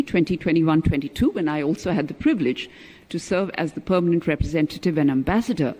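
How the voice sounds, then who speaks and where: Emphatic high-voiced diplomat speaking. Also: male voice, darkish tone. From India. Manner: emphatic, stresses key words, measured delivery. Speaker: former ambassador, conference speaker. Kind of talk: formal keynote speech.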